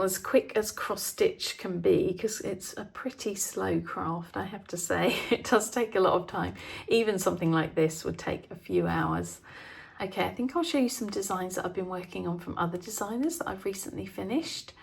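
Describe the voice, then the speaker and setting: A woman talks through her latest paintings and stitching in an easy, self-deprecating vlog chat. Her mid-pitched voice carries a noticeable creak at the ends of phrases, and she often trails off or softens into a small laugh. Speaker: craft and art vlogger. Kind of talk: casual chat showing her artwork.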